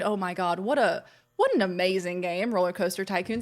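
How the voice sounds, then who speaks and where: A woman's voice: medium pitch, moderate pace. A young adult woman hosting a casual live game stream, chatting to viewers in a bubbly, gushing way. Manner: chatty, bubbly, gushes when greeting viewers.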